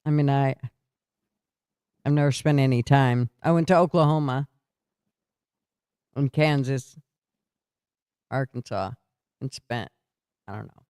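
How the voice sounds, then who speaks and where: A man's voice: mid-range voice, measured pace, pauses often, a little mellow, clear, resonant tone, no echo, studio quality. An older man hosting a casual chat, laughing a lot. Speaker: podcast host.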